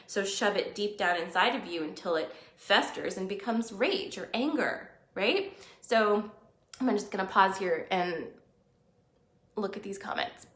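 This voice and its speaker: Woman, live-stream host, earnest, conversational, mid-pitched, roomy echo. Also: fairly bright tone. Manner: earnest, conversational, reads out viewer comments. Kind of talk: casual live-stream talk.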